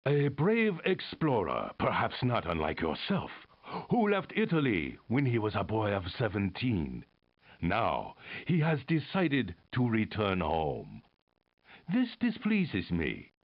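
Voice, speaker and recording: A man's voice: lowish voice, wildly swooping pitch, slow pace, lo-fi sound, heavily acted. An actor playing a pompous, haughty male emperor in a video game, speaking in a grandiose, commanding way. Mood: brooding.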